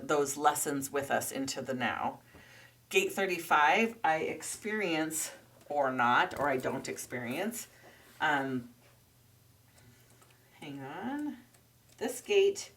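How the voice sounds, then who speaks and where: A woman who hosts a podcast and teaches, explaining topics in a thoughtful way and pausing to check details as she goes. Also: low voice, fairly bright tone, recorded from a distance. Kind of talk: explanatory talk.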